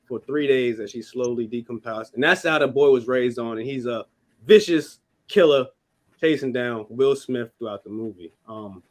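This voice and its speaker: A man's voice: mid-range voice, moderate pace. A man co-hosting a casual podcast, animatedly recounting a film in loose, profane language. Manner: profane, animated movie recap. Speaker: podcast co-host.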